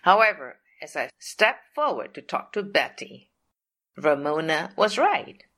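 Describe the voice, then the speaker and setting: Older woman, faith testimony, very slow delivery, bright forceful tone, earnest, repeats herself. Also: low-pitched, sing-song. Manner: earnest, repetitive, leans on "of course" and "whatsoever". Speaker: storyteller sharing a faith testimony. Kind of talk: personal testimony storytelling.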